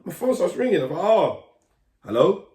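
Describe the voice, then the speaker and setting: A man telling a lively story in casual street slang, acting out the voices of people in it. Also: sits high, moderate pace. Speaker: guest, grime MC. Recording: roomy echo.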